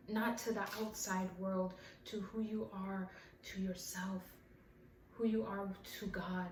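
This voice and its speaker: A woman's voice: mid-range voice, level tone, takes it slowly, darkish tone, slight background noise. A woman giving a heartfelt spiritual energy reading to her viewers. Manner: emotional, heartfelt. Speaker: tarot reader. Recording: roomy, distant mic with faint ambience.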